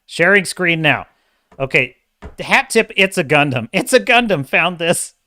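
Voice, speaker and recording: This live-stream show host, a man who does a podcast, rambles through an opinionated, animated film review, frequently catching and fixing himself partway through a thought. He speaks unhurriedly in a slightly high voice, and there's no room sound.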